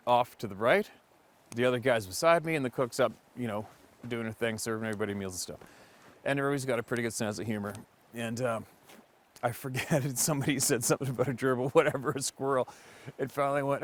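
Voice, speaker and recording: A man hosting a hunting channel who tells a story in a casual, animated way, with plenty of emphasis and cursing. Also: mid-range voice.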